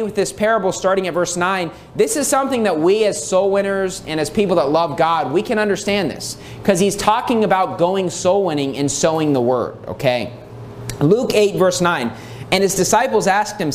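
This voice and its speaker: A man's voice: sits high, a little hiss or hum. Emphatic male preacher reading scripture. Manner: emphatic, repeats key phrases, reads scripture aloud. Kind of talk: sermon.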